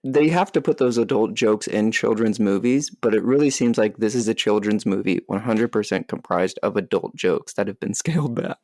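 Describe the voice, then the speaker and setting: A man's voice: on the low side, moderate pace, hardly any pauses, darkish tone, no echo, clean studio sound. A man co-hosting a podcast, joking through a casual movie discussion and laughing often. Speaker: podcast co-host.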